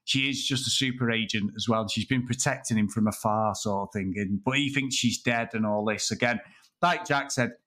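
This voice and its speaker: A man's voice: fairly low pitch, normal speed, a bit bright. Rambling, laughing man in casual chat. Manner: rambling, laughing, swears freely. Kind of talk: casual film discussion.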